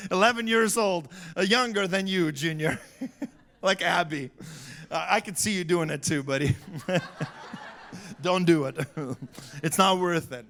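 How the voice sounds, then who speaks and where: A male pastor telling a story in a sermon, animated, shouting for emphasis and laughing often. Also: high voice, takes it slowly, long pauses. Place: church sanctuary.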